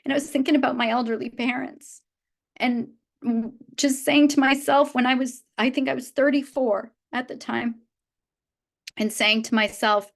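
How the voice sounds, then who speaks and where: A woman's voice: high-pitched, fairly even intonation, normal speed, creaky. A woman in her fifties giving a heartfelt motivational talk to a live audience of her business team, earnest and often restarting her sentences. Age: 50s. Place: event room with a live audience.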